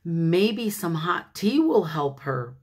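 An eager, literal-minded young housekeeper, put on by a woman reading a storybook aloud calls out cheerfully. Her voice sits at a middling pitch. The reading moves slowly. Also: sing-song, slightly rough, heavily acted. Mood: plain.

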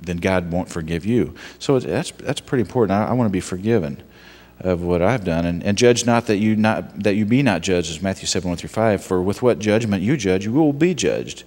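A man giving a conversational sermon and reading scripture, talking in a halting way with frequent restarts and asides. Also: low-pitched, animated, a little mellow, long reverb tail. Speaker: guest preacher, son of the pastor. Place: church sanctuary.

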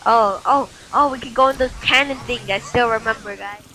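A young woman giving excited gameplay commentary, yelping and shouting at the game as she plays. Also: a little high, normal speed. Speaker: gamer. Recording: faint game music behind.

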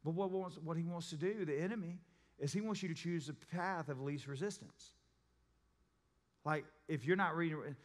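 In a church sanctuary with long reverb and faint background music, an adult pastor who is a parent delivers a sermon. His voice is a little high and fairly quick, and he tells stories conversationally, voicing the people in them.

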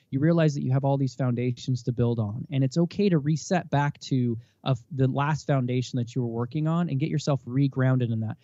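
A man in his thirties, a podcast guest and parent, talking in an emphatic, animated way with preachy bursts, on a dull lo-fi recording. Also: mid-range voice, no room sound. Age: 30s. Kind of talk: casual interview talk.

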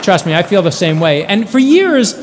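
A man in his forties delivers a commencement address with a notably high-pitched voice. He tells his stories earnestly and leans on dramatic pauses. The sound rings with the long reverb of a large hall. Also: very animated, background noise. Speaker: commencement speaker.

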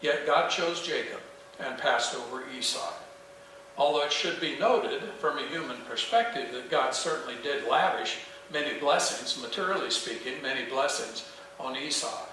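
A man's voice: medium pitch, expressive, moderate pace, pushed and bright, a little hiss or hum. A man preaching a sermon as pastor, earnest and emphatic, asking the congregation questions. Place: small church sanctuary. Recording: echoey church heard from a distance.

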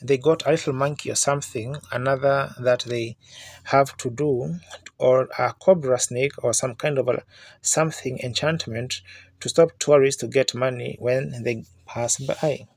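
A man's voice: mid-range voice, steady tone, a little slow, creaky, no echo. A man preaching a sermon in fervent storytelling style, building to emphatic outbursts. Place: church meeting.

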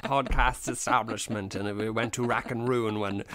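A man's voice: lowish voice, fairly even intonation, normal speed, fairly bright tone. A man with an Irish accent, co-hosting a podcast in casual chat with dry, teasing banter. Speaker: podcast co-host.

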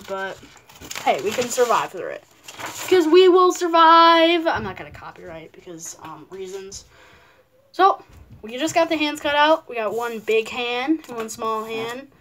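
A woman's voice: fairly high pitch, a little hiss or hum. A woman hosting a casual paper-craft tutorial at home, chatty and playful, with rambling asides. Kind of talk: casual how-to narration.

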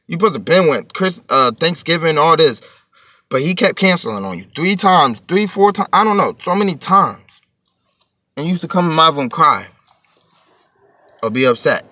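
A man's voice: on the high side, animated, moderate pace, sharp tone, no echo. A man telling a storytime to his vlog audience in a heated, profane, rambling rant, sitting a bit back from the mic.

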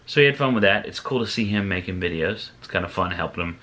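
A man, a father, chatting casually to camera about his family's day, relaxed and rambling with ums and restarts. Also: deep voice, fast, a little hiss or hum. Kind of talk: casual vlog talk to camera.

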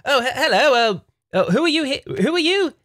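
A shrill pompous British boss. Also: male voice, very animated, a little fast, a bit bright, dry recording, clean studio sound, full character voice. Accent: British (put on). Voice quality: shrill, blustery, scoffing. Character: pompous wealthy British company boss, male, haughty.

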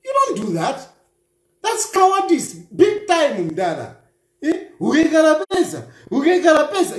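Mocking man, high lively voice. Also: unhurried, echoey room. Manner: mocking, repetitive rhetorical questions. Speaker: political commentator. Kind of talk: reaction commentary on a news clip.

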